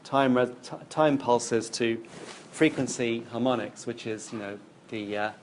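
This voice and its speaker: A man's voice: medium pitch, a little slow, a little hiss or hum. A man giving a recorded university lecture, explaining while he demonstrates on screen and thinks aloud.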